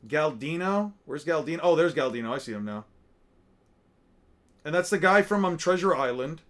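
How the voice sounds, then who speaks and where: A man with a slightly high voice talks loosely and profanely. He rambles and mutters names to himself as he reacts, in an offhand, unscripted way. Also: animated, moderate pace. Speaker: streamer reacting to artwork. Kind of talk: casual commentary.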